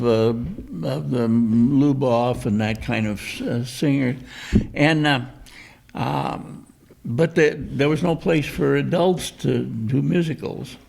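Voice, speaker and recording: An older man, a theater co-founder, recalling the past in a casual chat with halting speech and many fillers. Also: medium pitch, creaky, darkish tone.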